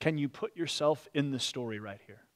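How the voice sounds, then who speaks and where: A pastor preaching a sermon in a church, telling the story expressively and dropping to quiet, slow tones at solemn moments. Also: male voice, medium pitch.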